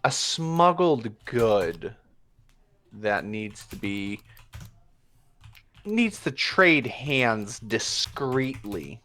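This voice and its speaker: A man voicing a secretive masked male criminal contact who speaks in a measured, deliberate way. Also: mid-range voice, very animated, a bit bright, exaggerated voice. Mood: guarded.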